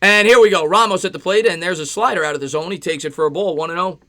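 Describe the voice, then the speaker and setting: A man doing casual play-by-play on a live stream, chatting with viewers between pitches. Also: quick pace, pushed and bright. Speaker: live-stream sports host.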